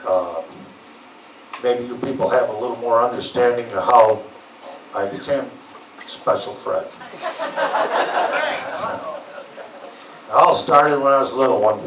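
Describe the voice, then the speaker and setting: A man doing stand-up, telling rambling folksy stories with lots of filler words in a legion hall. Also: mid-range voice. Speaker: stand-up comedian. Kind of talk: stand-up storytelling. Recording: roomy, distant, dull lo-fi with noise.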